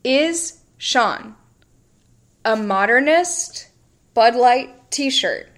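A woman co-hosting a podcast in casual chat, teasing and wry, quick to laugh. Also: a little high, lively intonation, fairly bright tone. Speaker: podcast co-host.

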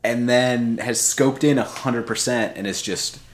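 A man's voice: medium pitch, steady tone, a little slow, slight background noise. A man co-hosting a podcast in casual chat, rambling and poking fun at himself, laughing often. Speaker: podcast co-host.

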